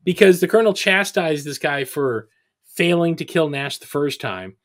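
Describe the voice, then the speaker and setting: A man hosting a podcast, recapping a film in a casual, sarcastic, animated way. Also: a little high, normal speed. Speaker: podcast host.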